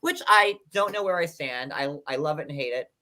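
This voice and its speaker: A man hosting a casual show, chatting about a reality series from his desk at home. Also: on the high side. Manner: animated, chatty, quick asides. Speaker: host. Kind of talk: casual recap chat.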